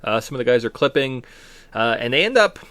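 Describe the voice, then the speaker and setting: A man's voice: medium pitch, big pitch swings, fairly quick, fairly bright tone, no echo. A man from Canada co-hosting a casual sports podcast, tossing in playful jokes between his takes. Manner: joking, playful asides. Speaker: podcast co-host.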